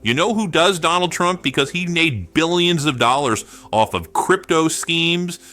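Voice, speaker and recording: A man giving sarcastic political commentary, firing off rhetorical questions in an animated way. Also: a little high, a little slow.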